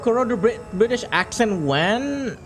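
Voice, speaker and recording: A man's voice: very high-pitched, expressive, a little slow, very noisy. A man casually chatting to his chat while playing a racing game on a stream, jokey and a bit profane.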